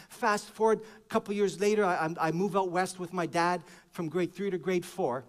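A man preaching with a high, bright-pitched voice that climbs into shouted praise, then drops into soft, confiding storytelling. He breaks into joking asides along the way, in sermon style. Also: steady tone, normal speed, few pauses. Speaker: pastor.

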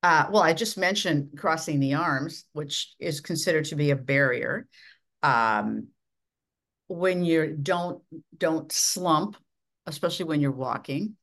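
A middle-aged woman from Minnesota, a leadership coach giving measured, instructive advice as a podcast guest. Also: a bit bright. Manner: measured, instructive, dramatic swings of pitch and volume. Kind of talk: podcast interview.

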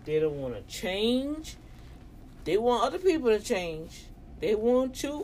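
A woman's voice: on the high side, very animated, measured pace, darkish tone, slight background noise. A woman with a New Orleans accent talking to her viewers in a casual, preachy monologue, full of emphatic rhetorical questions. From New Orleans, US South. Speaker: vlogger addressing her online family.

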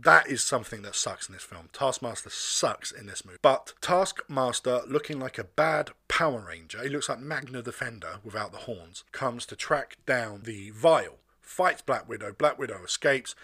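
A man talks through a film review in a loose, conversational way, circling back and restarting as he goes. His voice is bright and forward. The sound is dry and close, with no room around it. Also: mid-range voice, dry recording. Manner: rambling, conversational, with restarts and asides. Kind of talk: casual spoken film review.

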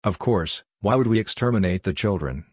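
A man reading the part of a calm, logical female android who is helping crash survivors, in a level, matter-of-fact way. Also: on the low side, a little fast, slightly rough, no echo, studio quality.

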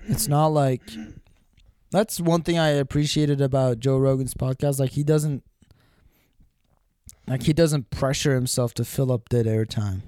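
A young man chatting loosely on a podcast, skeptical and full of "like" and "um." He sounds mid-pitched and ordinary. The recording is dry, with no room sound. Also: measured pace, long pauses, no room sound. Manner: relaxed, skeptical, filler-heavy. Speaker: podcast co-host. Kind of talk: casual chat.

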